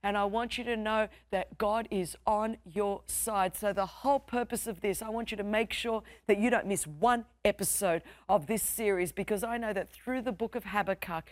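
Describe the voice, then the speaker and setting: A woman's voice: mid-range voice, normal speed, few pauses, no room sound, studio quality. A young adult woman with an Australian accent, preaching a sermon as pastor with a passionate, emphatic, repetitive cadence.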